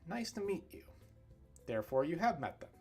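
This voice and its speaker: A man teaching English pronunciation on a livestream, demonstrating sounds slowly and clearly. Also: fairly high pitch, big pitch swings, a little mellow, faint music behind. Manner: slow, clear over-articulated demonstrations.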